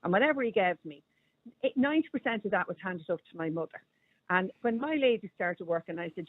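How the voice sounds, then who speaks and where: A woman's voice: mid-range voice, expressive, fast talker, no room sound. A middle-aged Irish woman calling in to a radio show, chatty and firm as she talks about raising her daughter. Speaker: caller. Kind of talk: phone-in radio call. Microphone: telephone. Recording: tinny phone line.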